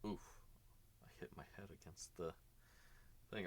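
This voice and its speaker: A man's voice: deep voice, fairly even intonation, moderate pace. A man streaming a casual painting session, chatting and rambling to his viewers as he works. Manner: chatty, rambling, talks to chat while working.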